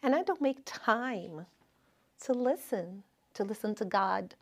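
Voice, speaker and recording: A woman in her fifties giving an informal spiritual talk at a spiritist center, with personal stories and gentle humor. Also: medium pitch, lively intonation, slow. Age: 50s. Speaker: spiritist lecturer. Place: lecture room at a spiritist center.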